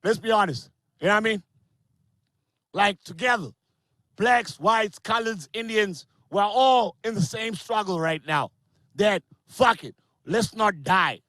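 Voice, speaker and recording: A man doing a crude, animated online stand-up set, slipping into character voices. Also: sits high, a little slow, no room sound. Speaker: stand-up comedian.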